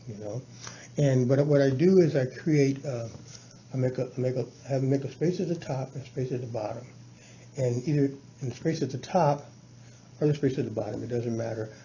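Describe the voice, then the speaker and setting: Guy teacher walking a coworker thru his lesson plan, lots of ums, dark mellow voice, kinda dull recording. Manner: halting, many restarts and fillers, breaks into chanted syllables and sung verses. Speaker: teacher mentoring a colleague. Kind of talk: casual explanatory talk on lesson planning. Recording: dull low-fi with faint background noise.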